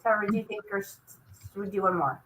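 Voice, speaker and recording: A woman teacher walking her students through an online research demonstration, lively and coaxing as she clicks along. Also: medium pitch, fast talker, slight background noise, rough recording. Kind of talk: classroom demonstration over a video call.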